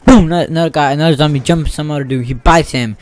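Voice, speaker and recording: A man casually telling a made-up story over gameplay, rambling and excitable, acting out sound effects. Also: on the high side, rapid-fire, dry recording. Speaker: gaming YouTuber.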